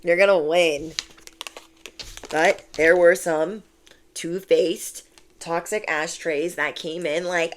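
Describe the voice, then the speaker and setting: A woman giving a chatty, animated tarot reading to camera, repeating key phrases to reassure. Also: lowish voice, slow, pauses often, slight background noise. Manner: chatty and animated, acts out quoted voices. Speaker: tarot reader.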